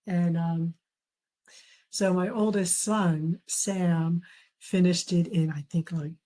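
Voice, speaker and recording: Middle-aged woman author, mellow and unhurried, storytelling guest who laughs easily. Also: lowish voice, steady tone, low-quality recording. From raised in a traditional Chinese family. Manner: warm storytelling, quotes family members, laughs often. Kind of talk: conversational interview.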